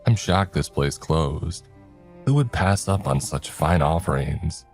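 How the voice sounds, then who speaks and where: A man's voice: sits low, normal speed, a little mellow, soft background music, close to an everyday voice. A man voicing a sarcastic young buddy. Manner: wisecracking, sarcastic. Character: sarcastic joking young male friend.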